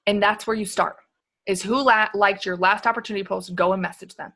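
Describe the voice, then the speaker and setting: A woman on a video call giving an energetic, emphatic motivational sales talk, peppered with "like" and "you guys". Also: medium pitch, brisk. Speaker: guest speaker on a sales team call.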